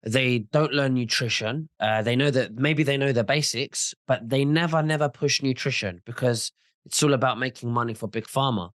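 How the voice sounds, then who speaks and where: A man's voice: medium pitch, moderate pace, a bit bright, no echo, studio quality. A man in a casual video interview who speaks insistently and often repeats words as he starts a point.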